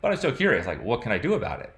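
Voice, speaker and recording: A man's voice: mid-range voice, wildly swooping pitch, racing, a bit bright. A man talking casually and reflectively to the camera, rambling with many "like"s and "you know"s. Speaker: vlogger.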